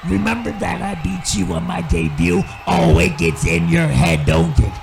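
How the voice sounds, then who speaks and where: A man playing a gravelly vengeful evil clown. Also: fairly high pitch, very animated, takes it slowly, exaggerated voice, poor audio. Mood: threatening. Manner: yells threats, swings between brooding and shouting. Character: angry male evil clown wrestler, vengeful. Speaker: wrestling promo character. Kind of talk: wrestling promo. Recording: music playing clearly behind.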